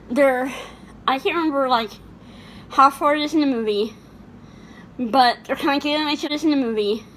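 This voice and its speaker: Chatty high-voiced woman vlogger. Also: a bit bright, a little hiss or hum. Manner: chatty, laughs often, many fillers and restarts. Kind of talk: casual chat about favorite movies.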